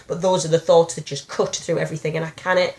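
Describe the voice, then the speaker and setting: A woman's voice: sits low, fast talker. Frank woman in her thirties. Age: 30s. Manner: frank, animated storytelling with self-deprecating humor. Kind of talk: candid personal conversation.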